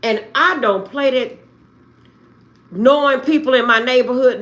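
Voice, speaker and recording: A woman ranting on a livestream, close to tears and swinging between outbursts and quiet prayers. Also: high-pitched, a little slow, pauses often. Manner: agitated, swings between shouting and tearful prayer. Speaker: livestream host. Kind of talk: emotional livestream rant.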